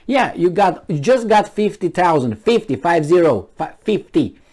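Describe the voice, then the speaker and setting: A man's voice: sits high, sing-song, normal speed, darkish tone. A man giving sarcastic, mocking commentary on the news, reading it out and talking back with emphatic asides. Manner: talks back to the news, with scattered laughs and asides. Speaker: video commentator.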